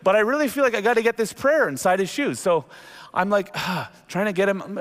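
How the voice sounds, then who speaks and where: A middle-aged male pastor preaches a sermon in a church sanctuary, telling his story with animated, lively energy and jumping into acted quotes. He's a fast talker with a voice that sits a little high, carrying a long hall reverb.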